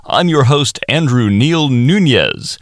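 A man putting on the voice of a smooth public-radio announcer, slow, drawn-out and over-formal. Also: mid-range voice, lively intonation, no echo, clean studio sound, voice pushed up. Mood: mock-formal.

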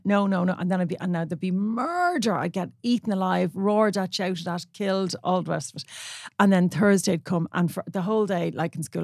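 A woman's voice: lowish voice, fairly quick, no echo, clean studio sound. An Irish woman co-hosting a podcast, telling long stories in a chatty way and acting out the voices of the people in them. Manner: chatty storyteller who acts out quoted voices. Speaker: podcast co-host. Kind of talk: casual chat, storytelling.

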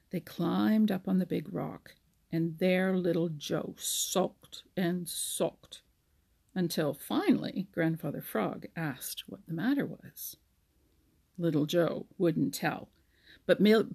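A woman narrating a children's storybook at a slow, careful pace, now and then stumbling and restarting a word. Her voice is low, husky and gravelly. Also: warm tone. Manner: slow reading with small slips and restarts. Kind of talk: storybook reading.

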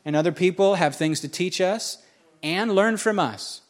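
A male pastor tells his sermon like a story, making fun of himself and driving home key words by repeating them. His voice runs slightly high for a man, and he speaks at a moderate pace.

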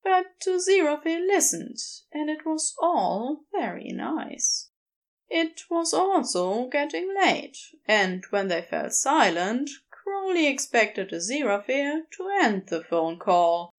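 A woman narrating fan fiction aloud with expressive storytelling. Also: high-pitched, takes it slowly.

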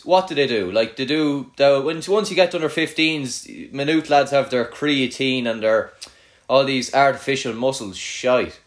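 A young man with an Irish accent from Kildare, hosting casual banter with a friend, teasing and swearing a lot, with many "like"s. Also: a little high.

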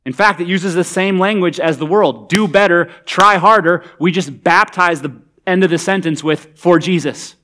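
A man's voice: sits high, moderate pace, pushed and bright. A man preaching a sermon in a conversational, humorous, emphatic way. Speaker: pastor.

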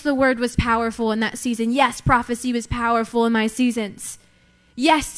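A woman's voice: on the high side, a bit bright. A young woman preaching a sermon, emphatic, repeating key lines for effect.

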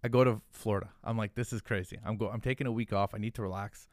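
A man's voice: fairly low pitch, fairly even intonation, fast talker, no echo, studio quality. A man, a podcast guest, telling a rambling, profane story in casual chat, full of "like". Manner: profane, rambling, heavy use of "like". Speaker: podcast guest, hot sauce founder.

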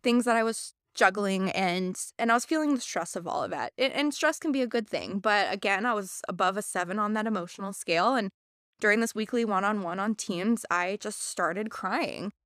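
A woman's voice: mid-range voice, normal speed, fairly bright tone, no room sound, clean studio sound. A young adult woman co-hosting a podcast, telling a personal story candidly and earnestly in casual chat. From United States. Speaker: podcast co-host.

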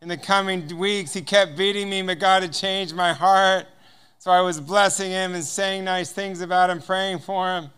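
A man's voice: sits high, steady tone, moderate pace, a bit bright, smooth. A man speaking as a guest speaker, telling a personal testimony and acting out the dialogue with frequent chuckles. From United States. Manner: storytelling that acts out dialogue, chuckling often.

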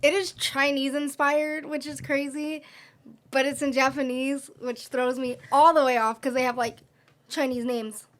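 A woman guest on a casual podcast, soft-spoken, explaining things with lots of "like" and "um". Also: high-pitched, little pitch movement, measured pace.

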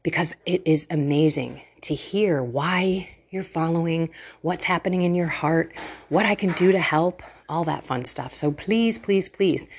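Husky, lively-voiced woman vlogging on faith. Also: on the low side. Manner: earnest, emotional, chatty, laughs often. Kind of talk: casual devotional talk to camera. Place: at home, indoors. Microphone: phone.

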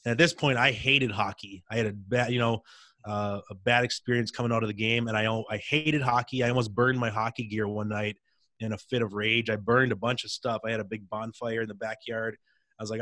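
A man's voice: medium pitch, steady tone, fairly quick, fairly bright tone, no echo, clean studio sound. A man in his thirties, a former pro hockey player, telling his faith story in an intense, candid way in a casual interview.

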